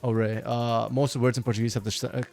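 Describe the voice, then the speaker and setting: A man's voice: mid-range voice, level tone, quick pace, gravelly, darkish tone, faint music behind. A man co-streaming an esports match, chatting casually and rambling, correcting himself as he goes. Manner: rambling, self-correcting, chuckles often. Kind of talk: casual live-stream commentary.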